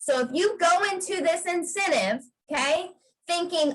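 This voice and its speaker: Woman, high voice, pep talk, emphatic, video call. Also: animated, normal speed, a bit bright, poor audio. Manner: emphatic, repeats "okay?" to drive points home. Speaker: guest speaker on a sales team video call.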